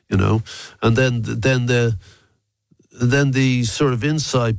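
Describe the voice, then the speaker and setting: Man, South Dublin accent, older, gravelly voice, rambling reflective answers, dry sound. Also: mid-range voice, steady tone, takes it slowly, pauses often, dry recording. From Ireland. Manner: gravelly, rambling with restarts and fillers. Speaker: musician guest.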